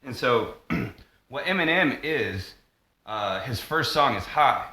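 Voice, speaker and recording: A man's voice: mid-range voice, animated, takes it slowly, pushed and bright. A man rambling through a monologue vlog, jumping between tangents with lots of fillers and restarts. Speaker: vlogger. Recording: echoey room.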